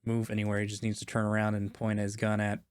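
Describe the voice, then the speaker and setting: A man's voice: on the low side, monotone, fast talker, clean tone, dry recording. Guy running a tabletop game, dry close sound, casual rules talk. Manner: casual, explains rules and rolls. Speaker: game master.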